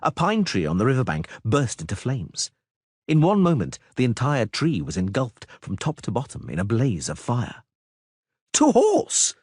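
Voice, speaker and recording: Husky-voiced male audiobook narrator. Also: medium pitch, moderate pace, no room sound, studio quality. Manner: expressive reader voicing all characters. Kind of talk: scripted narration.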